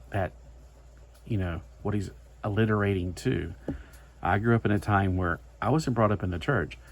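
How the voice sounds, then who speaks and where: Low-voiced man rambling through a comic review. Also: slight background noise. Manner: rambling, chatty asides with filler words. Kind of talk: casual comic book review.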